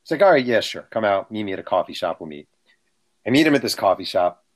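A man's voice: fairly low pitch, quick pace. A man, a book author, telling anecdotes in casual conversation and acting out the people he quotes. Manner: animated, acts out quotes. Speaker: author guest. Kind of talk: casual storytelling.

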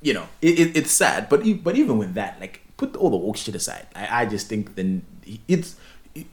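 A young man co-hosting a podcast, chatting in an animated, opinionated way with many restarts. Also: fairly low pitch, moderate pace. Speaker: podcast co-host. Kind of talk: casual podcast chat.

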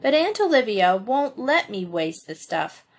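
A woman's voice: a little high, big pitch swings, measured pace, slightly rough, heavily acted. A woman reading an audiobook, voicing a dreamy, dramatic young girl who sounds wistful and plaintive.

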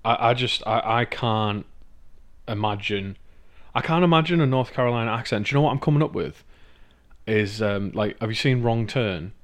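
A man's voice: medium pitch, moderate pace. Sweary, laughing northeast english man. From Northeast England. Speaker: podcast co-host. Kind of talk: casual chat.

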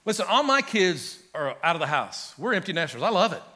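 A middle-aged pastor preaching an animated sermon to his church, calling out to the congregation and building to shouts. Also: high-pitched, a little fast. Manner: animated, preaching with rising shouts and audience call-outs. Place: large church sanctuary.

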